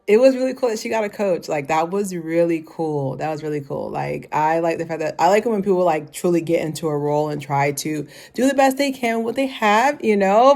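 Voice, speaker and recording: A woman's voice: fairly low pitch, a little mellow. A woman in her thirties giving a casual, rambling review, full of "like" and frequent laughter. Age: 30s. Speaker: fashion show reviewer.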